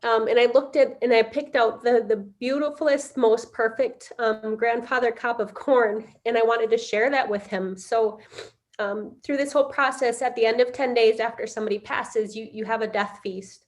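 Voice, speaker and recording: Middle-aged woman, higher register, unpolished storyteller who stops and restarts often. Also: fairly even intonation. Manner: halting, full of fillers and restarts. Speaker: interviewee. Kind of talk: casual storytelling.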